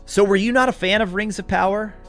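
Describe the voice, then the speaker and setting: A man's voice: high voice, steady tone, brisk, fairly bright tone, soft background music. An American man hosting a live stream, chatting casually and answering viewers' comments with frequent chuckles. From United States. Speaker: livestream host. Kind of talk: casual live-chat talk.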